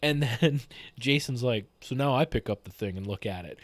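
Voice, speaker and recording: Recounting a tabletop session he ran, this man tells the funny story casually and throws lots of energy into quoting his players. His mid-range voice keeps a measured pace on a dry recording.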